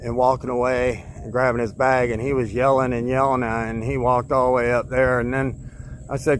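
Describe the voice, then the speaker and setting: A man's voice: mid-range voice, little pitch movement, normal speed, slight background noise. A man vlogging outdoors in a park, rambling through a story and pointing out spots as he goes. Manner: rambling, pointing out spots, acts out his own retorts. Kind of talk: casual storytelling to camera. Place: outdoors in a park, sitting on his bike.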